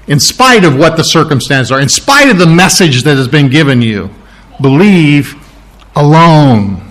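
A man preaching a verse-by-verse Bible teaching sermon, thoughtful, often stopping to correct himself and clearing his throat. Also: a little high, sing-song, measured pace, a bit bright. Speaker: pastor.

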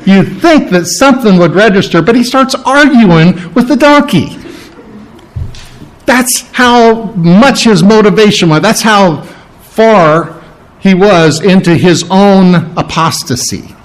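A man's voice: sits high, animated, slow, low-quality recording. A male preacher telling a Bible story in a conversational sermon, with many restarts.

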